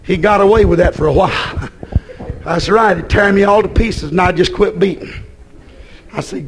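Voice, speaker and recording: A man preaching a fiery sermon, swinging from shouted bursts down to quiet storytelling. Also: normal speed, a little hiss or hum. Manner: shouting bursts then drops to low storytelling.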